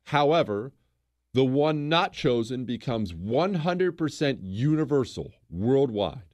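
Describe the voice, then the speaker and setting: A man's voice: mid-range voice, lively intonation, slow, darkish tone. A man hosting a talk show, ranting sarcastically and with emphasis. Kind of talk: opinionated radio talk.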